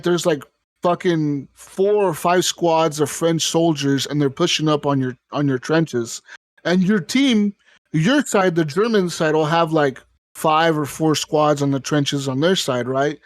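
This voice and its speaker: A man's voice: on the high side, no room sound. A man hosting a podcast, describing a video game in a rambling, profane casual chat. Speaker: podcast host.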